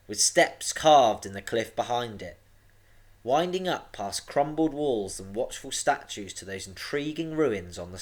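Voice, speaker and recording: A man, a teacher, reading a storybook aloud to young pupils with a dramatic, expressive delivery. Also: medium pitch. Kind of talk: storybook read-aloud for children.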